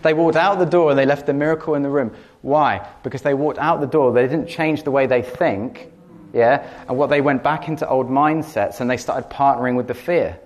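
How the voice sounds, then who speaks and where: A brisk man of medium pitch, hardly pausing, gives a teaching talk anchored in a personal story. He speaks earnestly, repeats words for emphasis, and breaks into laughter.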